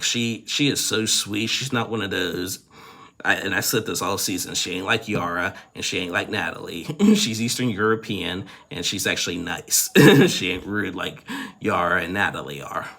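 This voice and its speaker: A man with a deep, gravelly voice rambles through a casual reality TV recap, leaning on fillers like "and stuff." His tone carries a bright, tense edge as he gives frank opinions. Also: normal speed.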